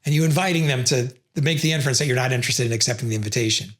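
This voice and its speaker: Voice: mid-range voice, very fast. A presenter explaining communication theory, who acts out sample refusals between the explanations. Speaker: educational video presenter.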